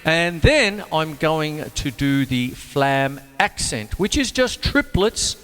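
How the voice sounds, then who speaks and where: A man teaching drums in a casual, jokey way, talking between demonstrations and breaking into sudden high exclamations. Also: expressive, slow, slight background noise. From Australia. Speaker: drum teacher and show host. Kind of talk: casual drum lesson with demonstrations. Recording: reverberant room with loud drumming behind.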